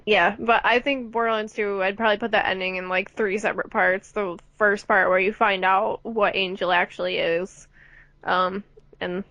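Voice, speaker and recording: A woman's voice: mid-range voice, flat delivery, normal speed, fairly bright tone, no room sound, highs cut off. A young woman co-hosting a casual gaming podcast, chatty and rambling, laughing between thoughts. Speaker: podcast co-host.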